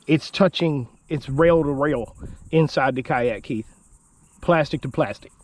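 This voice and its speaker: A man vlogging from a kayak outdoors, exclaiming and rambling with excitement, his voice going hoarse. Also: on the high side, measured pace. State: losing his voice. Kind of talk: excited outdoor fishing vlog. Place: on a kayak outdoors on the water in wind. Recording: noisy outdoor recording with wind and water.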